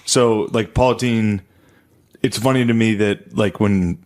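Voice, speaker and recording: A man's voice: lowish voice, steady tone, a little slow, darkish tone. A young man co-hosting a comedy podcast, rambling through profane stories with lots of fillers. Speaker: podcast co-host. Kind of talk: casual comedy chat.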